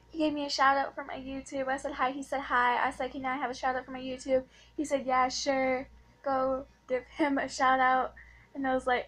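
A young woman casually vlogging to her channel, gushing and excitable like an overjoyed fan. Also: high voice. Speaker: YouTuber. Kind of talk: casual vlog chat.

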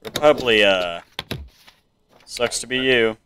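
Slow, bright-voiced young gameplay streamer. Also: male voice, a little hiss or hum, poor audio. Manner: mumbly and hesitant, with many ums, and yelps up into high panicked no-no-nos. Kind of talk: casual let's-play commentary. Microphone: desk mic with webcam.

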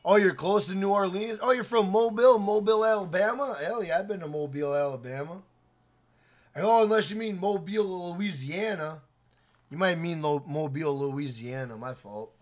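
A man live-streaming a video game, talking loudly to his chat with swearing and shout-outs. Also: high-pitched, moderate pace.

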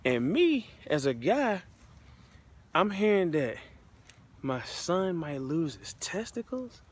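This man's voice sits fairly high and swings widely in pitch as he takes his time. He's a U.S. motivational speaker telling his personal testimony, laid-back and earnest, with slangy phrasing.

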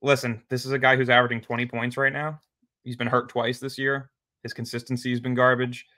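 Brief: male podcast guest, blunt and opinionated, flat delivery. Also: medium pitch, fairly quick, dry recording. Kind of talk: casual debate chat.

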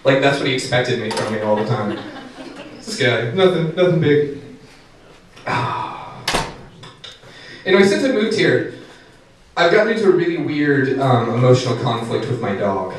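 A man performing a standup comedy set on a brewery stage, animated and jumping to high shouted voices for the punchlines. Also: moderate pace, pauses often. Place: brewery stage, live audience. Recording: echoey room recording from a distance, noisy.

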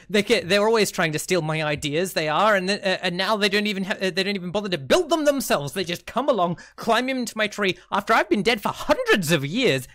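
Casting: cranky old ghost man, stammering, paranoid rant, higher and louder, a man putting it on. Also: dry recording, clean studio sound. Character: grumpy old dead man, ranting and paranoid.

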